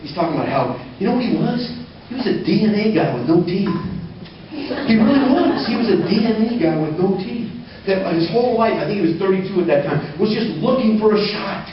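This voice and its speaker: A man giving a motivational talk, telling a story and acting out the quotes with lively energy. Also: high-pitched, a little fast, a crowd in the background. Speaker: motivational speaker. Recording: distant echoey lo-fi room recording.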